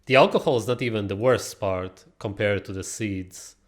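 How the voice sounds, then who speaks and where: A man's voice: fairly low pitch, moderate pace, background noise. A man commenting on clips in a casual, opinionated, lecturing way, with frequent filler sounds.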